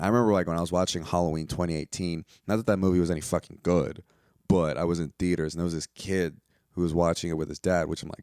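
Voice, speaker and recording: Deep, gravelly young man ranting on a podcast. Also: fast, darkish tone, no room sound, studio quality. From United States. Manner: profane, rambling, exasperated. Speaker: podcast host. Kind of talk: casual solo podcast rant.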